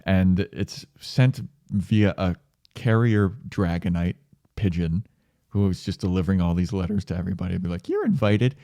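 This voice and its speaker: A laid-back man co-hosting a casual movie podcast, drily sarcastic and quick to swear. His voice is low and mellow. The sound is close and dry. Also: steady tone, no room sound. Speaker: podcast co-host. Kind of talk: casual film review chat.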